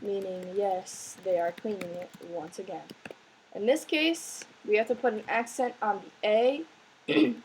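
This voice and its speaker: Slow, patient woman teacher explaining grammar. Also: medium pitch, fairly even intonation, darkish tone, a little hiss or hum, rough recording. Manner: slow, patient explaining with frequent "right?" checks. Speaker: Spanish teacher. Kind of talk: recorded classroom lesson.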